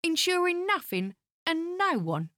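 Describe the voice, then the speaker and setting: A woman playing a street-seller narrator who tells the story deliberately and grows exasperated with her partner. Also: extremely high pitch, big pitch swings, pushed and bright, no echo, heavily acted.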